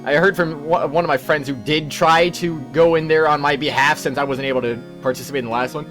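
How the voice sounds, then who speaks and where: A man's voice: a little high, fairly even intonation, fast, a bit bright, faint music behind. A man hosting a let's play, chatting casually in a rambling, self-correcting way. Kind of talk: casual gaming commentary.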